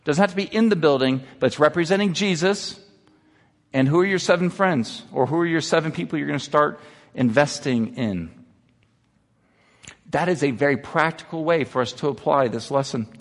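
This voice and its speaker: A man's voice: fairly high pitch, moderate pace, long reverb tail. A man in his thirties, a pastor, preaching an earnest sermon that moves from personal confession to exhortation. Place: church sanctuary.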